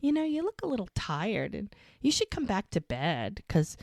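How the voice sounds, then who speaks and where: A woman voicing a tender male character as she retells a TV scene on a podcast, coaxing and soft. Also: medium pitch, very animated, normal speed, dry recording, studio quality, pitched above the performer's own voice. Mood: affectionate. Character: male TV character, a gentle man soothing a baby.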